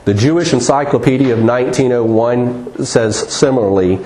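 A man's voice: medium pitch, mellow. Earnest man teaching in an echoey room. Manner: earnest, repeats words and restarts, drawn-out emphasis. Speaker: Bible teacher. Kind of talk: slide-based teaching talk.

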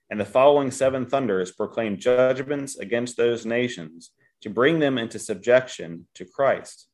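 Low-voiced man teaching Bible verses. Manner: reads scripture aloud, explains verse by verse. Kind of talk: Bible study talk.

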